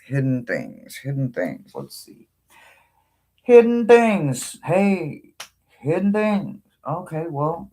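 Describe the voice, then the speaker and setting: Slow-talking expressive man, tarot livestream host. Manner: expressive, with sudden high-pitched exclamations. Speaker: tarot reader hosting a livestream. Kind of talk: casual livestream chat with viewers.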